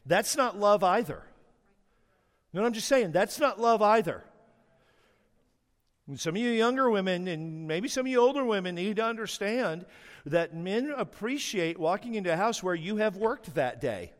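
A man's voice: high-pitched, normal speed. Humorous middle-aged male pastor in a reverberant church. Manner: humorous, animated storytelling, teasing the congregation. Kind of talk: sermon. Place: church sanctuary.

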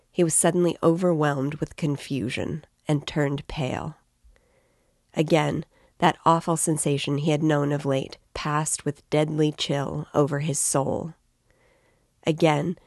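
A woman reading a novel aloud in a measured, even way, as the show's guide, on a close mic. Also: low voice, gravelly, no echo. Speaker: reader and guide.

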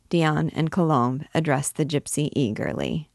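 A woman reading a classic novel aloud in a measured, expressive storytelling manner. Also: deep voice, no echo, studio quality. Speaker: reader.

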